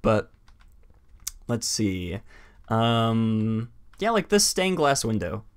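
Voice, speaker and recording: A man hosting a live stream, chatting casually in a rambling way full of fillers and quick laughs. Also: fairly low pitch, big pitch swings, smooth. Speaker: stream host.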